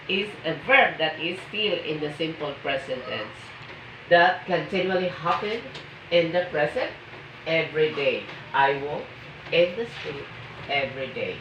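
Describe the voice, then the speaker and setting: Woman teacher, slow and lively in pitch, grammar lesson, recorded from afar in an echoey room. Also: background noise. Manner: slow, emphatic reading of example sentences. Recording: echoey, muffled room from a distance.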